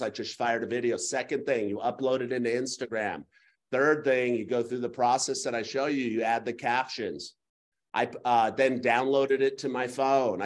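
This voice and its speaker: A middle-aged man teaching a live real estate class, talking in a folksy way and telling stories with quick asides. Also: medium pitch. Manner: folksy, storytelling, rapid asides.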